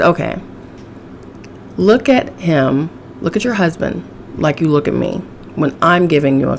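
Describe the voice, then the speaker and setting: Sassy gravelly-voiced woman podcaster. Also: sits low, darkish tone, a little hiss or hum. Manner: sassy, profane, laughing often. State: chesty cough. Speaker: podcast host. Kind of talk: casual solo podcast vent.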